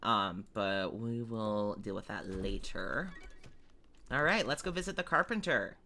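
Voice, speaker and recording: A woman's voice: rumbling low, expressive, measured pace, pushed and bright, a little hiss or hum. A woman streaming a farming game, chatting casually and explaining how things work. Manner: chatty and explanatory, with small laughs. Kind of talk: casual let's-play commentary.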